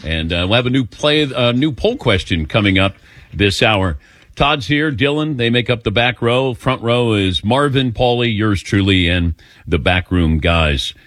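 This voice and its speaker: A man hosting a sports radio show, running through the lineup in a relaxed, conversational way. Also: on the low side, unhurried, no room sound. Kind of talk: casual sports radio talk.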